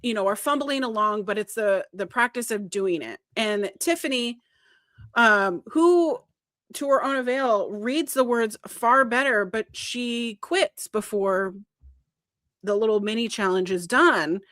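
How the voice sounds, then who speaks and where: A woman co-hosting a casual podcast, retelling a story with lively emphasis and the odd swear word. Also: on the high side, a little slow, no echo, clean studio sound. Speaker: podcast co-host. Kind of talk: casual chat.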